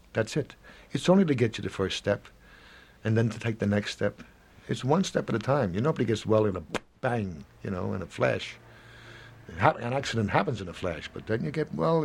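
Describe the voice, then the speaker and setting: A man in his seventies speaking in an interview, rambling and halting, often acting out little snatches of dialogue. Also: fairly low pitch, vocal fry, breathy edge. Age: 70s. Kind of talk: reflective interview talk.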